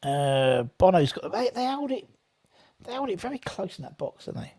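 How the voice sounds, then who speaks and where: A man's voice: high voice, big pitch swings, normal speed, warm tone, husky. A man hosting a live football watchalong, chatting with viewers and commenting on play in a rambling, casual way. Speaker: watchalong host.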